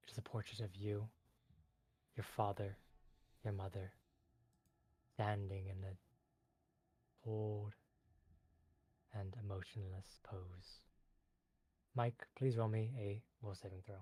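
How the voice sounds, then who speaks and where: A man's voice: fairly low pitch, little pitch movement, slow, long pauses, warm tone, slightly rough. A man narrating a tabletop game as game master, loose and chatty.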